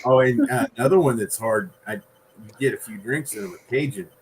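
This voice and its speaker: A man speaking as a podcast guest in an unhurried, rambling way, often pausing on fillers. His voice sits at a middling pitch, with a faint hiss in the background. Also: low-quality recording. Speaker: guest author. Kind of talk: casual podcast conversation.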